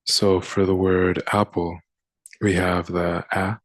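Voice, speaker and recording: Slow, low-voiced man teaching phonics. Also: little pitch movement, dry recording. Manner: slow and deliberate, sounding out words. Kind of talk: phonics lesson.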